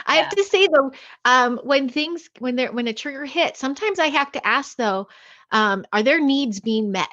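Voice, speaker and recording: A woman's voice: high voice, lively intonation, normal speed, a bit bright. A mother in a casual podcast conversation, reflective, laughing lightly between her points. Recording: muffled lo-fi audio.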